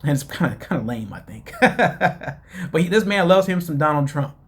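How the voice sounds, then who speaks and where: A man's voice: fairly high pitch, expressive, moderate pace. A man hosting his own show, casually recapping a reality TV episode and rambling with many fillers while calling his listeners "guys.". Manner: chatty, addresses listeners as "guys". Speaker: show host.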